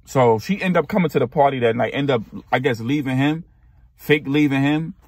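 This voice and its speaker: Husky young New storyteller. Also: male voice, mid-range voice, fairly quick, no echo. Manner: slangy, animated retelling. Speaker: vlogger. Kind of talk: casual storytime.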